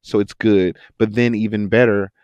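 A man who works as an actor and voice actor, chatting in a podcast interview, telling stories with lots of laughter and quick impressions. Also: lowish voice, smooth, dry recording, highs cut off. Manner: animated storyteller, laughs often, jumps into quoted voices. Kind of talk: casual interview chat.

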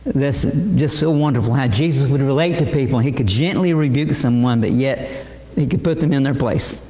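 A male pastor delivering a sermon, halting with many repeated words and fillers. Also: mid-range voice, dark tone. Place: church sanctuary. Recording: echoey church hall.

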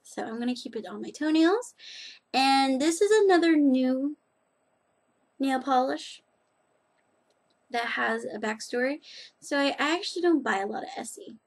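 A woman's voice: sits high, expressive, moderate pace, pauses often. A woman chatting casually in a rambling, self-deprecating way as she reviews nail polish on her vlog.

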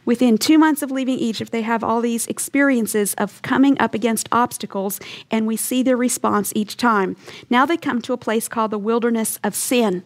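A woman's voice: fairly high pitch, fairly even intonation, moderate pace. A woman teaching a Bible lesson in an earnest, emphatic storytelling way, acting out short quotes as she goes. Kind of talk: teaching sermon.

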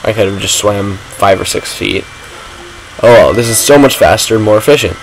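A man's voice: fairly low pitch, normal speed, over music, poor audio. A man giving rambling, self-mocking commentary while playing a video game. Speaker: gaming vlogger. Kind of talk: casual gameplay commentary.

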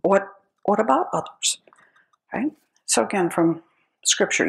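Brief: older American woman speaker, animated, gravelly, dry humor. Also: mid-range voice, unhurried, pauses often, rough recording. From United States. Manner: wry storytelling, self-deprecating humor. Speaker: speaker, philosopher. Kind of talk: personal talk to an audience.

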